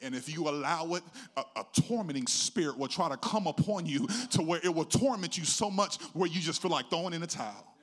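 Pastor preaching with a lilting cadence. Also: male voice, fairly high pitch, animated, a little fast, hardly any pauses. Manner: testimony preaching that swells from hushed to loud; dramatic, sing-song preaching cadence. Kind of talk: sermon.

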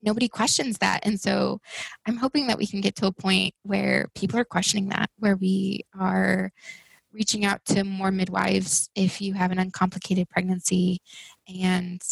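Gravelly-voiced woman telling stories animatedly. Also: medium pitch, normal speed, no echo, low-quality recording. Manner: animated storytelling, acts out quoted people in raised voices. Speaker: guest sharing her birth stories. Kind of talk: casual podcast conversation.

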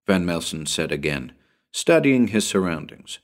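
A man's voice: deep voice, animated, a little slow. A man narrating a spooky story as an audiobook, building suspense in a dramatic storytelling manner.

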